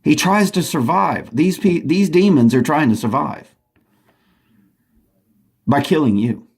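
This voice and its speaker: A man's voice: a little high, lively intonation, unhurried, creaky, darkish tone, husky. A man delivering an urgent, agitated monologue from home, often restarting his sentences. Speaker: vlogger. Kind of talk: rambling monologue to camera.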